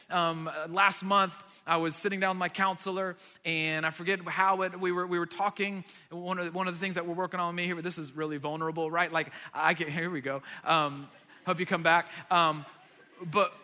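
A man preaching a sermon as pastor, emphatic and energetic, building to loud declarations. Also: sits high, long reverb tail. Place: church sanctuary.

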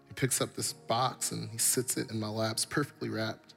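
A man's voice: lowish voice, flat delivery, fairly quick, creaky, hardly any pauses, fairly bright tone, soft background music. A man preaching a sermon, telling stories with animation and building his points through repetition. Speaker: pastor.

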